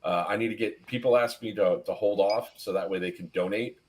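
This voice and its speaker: A man's voice: lowish voice, a little fast, a little hiss or hum. A man hosting a casual live stream, telling a story with lots of laughing and acted-out voices. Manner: animated, laughing, acts out voices in anecdotes. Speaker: podcast host.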